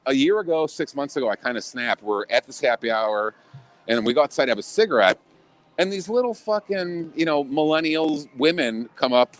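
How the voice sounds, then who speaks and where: A man from Illinois talking in a casual chat as a podcast guest, blunt and profane, with many restarts. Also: mid-range voice.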